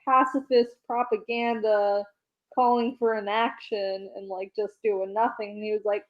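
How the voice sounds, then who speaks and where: A woman's voice: medium pitch, level tone, muffled recording. A woman co-hosting a podcast, casually retelling a comic story and acting out the characters' lines with laughter. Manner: retells scenes by quoting characters in quick voices, laughs often. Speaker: podcast co-host recapping a comic. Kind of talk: casual chat.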